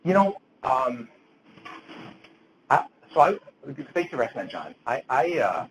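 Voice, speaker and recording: A man's voice: mid-range voice, very animated, a little slow, fairly bright tone, slight background noise, rough recording. A middle-aged man lecturing physicians at grand rounds, earnest, quoting literature, with frequent restarts. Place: lecture hall.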